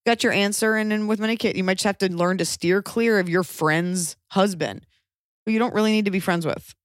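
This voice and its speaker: Woman, 30s, advice co-host: blunt, emphatic, swears freely, mid-pitched, dry close mic. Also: a little fast, no room sound. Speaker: podcast co-host giving advice. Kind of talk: casual advice chat.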